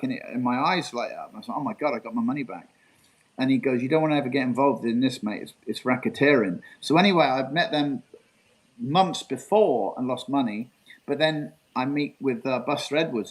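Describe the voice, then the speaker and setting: Rambling man in his sixties. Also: mid-range voice. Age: 60s. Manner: rambling, full of restarts and quoted dialogue. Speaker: guest street magician. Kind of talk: casual storytelling interview.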